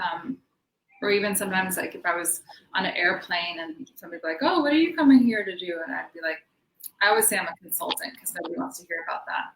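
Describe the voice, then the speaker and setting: A woman's voice: medium pitch, a bit bright. A woman guest in a casual interview, talking in a chatty way with many fillers and laughs. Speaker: interview guest, belly dancer. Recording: echoey room with faint noise.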